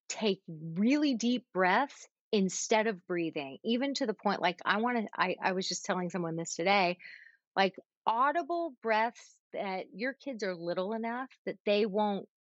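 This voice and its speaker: A woman parenting coach giving advice in casual conversation, animated, demonstrating calming breaths with audible sighs. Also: medium pitch, a little slow, dry recording, dull audio.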